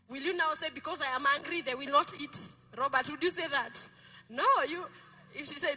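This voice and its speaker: High, bright Kenyan woman pastor preaching. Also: fairly quick. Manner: playful, code-switching, asks the congregation questions. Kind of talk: lively sermon. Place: church. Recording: music behind the preaching.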